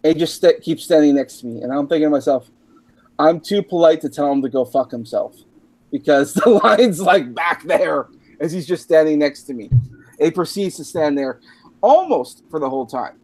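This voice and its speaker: Man, drunk, from Canada, fairly high voice, profane rambling storyteller, podcast chat. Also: expressive, normal speed, darkish tone. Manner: rambling, profane, laughing at his own story. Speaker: podcast host.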